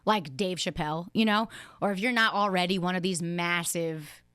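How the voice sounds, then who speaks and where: Woman host, bright and forceful tone, dry close mic, chatty. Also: lowish voice, fairly even intonation, smooth, no echo. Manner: chatty, supportive, quick-talking. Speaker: podcast host. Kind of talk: casual podcast chat.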